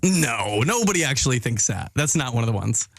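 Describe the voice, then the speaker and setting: A man's voice: medium pitch, a little fast, vocal fry, no room sound. A young American man in his twenties hosting a radio show in a studio, playful and giggly. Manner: giggly and playful, animated swings. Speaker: radio host. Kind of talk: lively radio presenting. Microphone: studio microphone.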